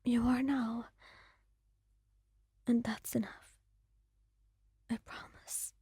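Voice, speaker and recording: A woman's voice: a little high, little pitch movement, extremely slow, mellow, husky, dry recording, clean studio sound, heavily acted. A woman whispering a fading, dying partner. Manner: faint, weak whisper. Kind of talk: whispered role-play.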